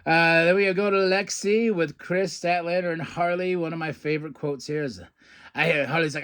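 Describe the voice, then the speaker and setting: Excitable man rambling through a wrestling recap. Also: fairly high pitch, normal speed, clean tone. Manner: excitable, rambling, laughs often. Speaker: podcast host.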